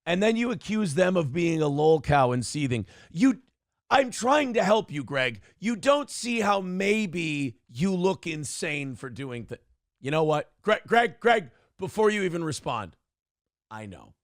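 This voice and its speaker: A man's voice: fairly high pitch, sing-song, unhurried, no echo, clean studio sound. A man hosting a morning radio show, reading out chat comments and mocking trolls with sarcasm while asking for donations. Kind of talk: live-stream donation appeal.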